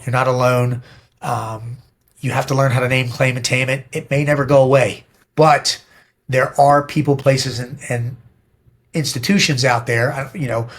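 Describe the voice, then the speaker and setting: A middle-aged man speaks as a podcast guest, blunt and emphatic, with plenty of swearing. He tells stories in a direct, forceful way. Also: medium pitch. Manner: blunt, profane, emphatic storytelling. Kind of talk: casual interview talk.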